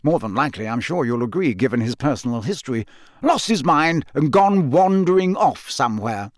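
A man's voice: medium pitch, lively intonation, a little fast, no room sound, clean studio sound, natural voice. A man voicing a flustered, pompous government minister who talks in a raised, indignant way.

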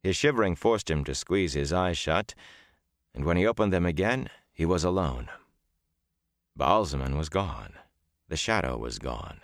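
A man narrating an audiobook in a measured, dramatic storytelling manner. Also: sits low, expressive, no echo, clean studio sound. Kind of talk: scripted narration.

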